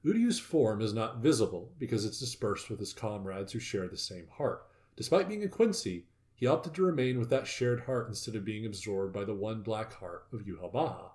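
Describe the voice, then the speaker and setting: A man hosting a casual discussion, reading notes aloud and growing loudly excited, with some swearing. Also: on the low side. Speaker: podcast host.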